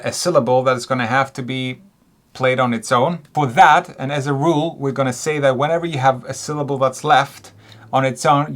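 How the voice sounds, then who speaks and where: A man teaching songwriting in a relaxed way, counting beats aloud and singing short examples. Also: mid-range voice. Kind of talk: music lesson.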